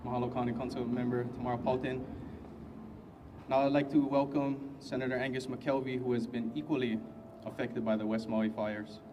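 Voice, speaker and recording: A man's voice: mid-range voice, level tone, normal speed, recorded from a distance, background noise. A man introducing speakers formally as the emcee of a press conference. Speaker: event emcee.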